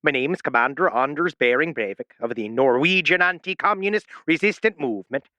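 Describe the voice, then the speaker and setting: This is a formal, stilted gunman speaking over the phone, as a man puts him on. He talks in a bungled Scandinavian accent that drifts into Irish, pitched slightly high with a bright, sharp edge. The recording is close and dry. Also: lively intonation, no echo. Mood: stiffly formal. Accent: bungled Scandinavian accent that drifts Irish and German. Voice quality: exaggerated, halting put-on delivery. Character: stiff, formal male gunman phoning police to surrender.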